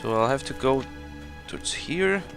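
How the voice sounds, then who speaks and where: Male gameplay commentator, bright and a touch high, chatty and self-mocking, soft game music behind. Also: animated, moderate pace. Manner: chatty, rambling, laughs at himself. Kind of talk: casual let's play commentary.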